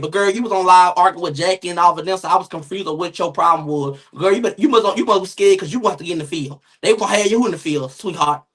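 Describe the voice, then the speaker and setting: Loud profane man ranting on a stream. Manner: loud, profane, dramatic rants that jump into high-pitched shouting. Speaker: gossip streamer host. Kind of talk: casual live-stream commentary.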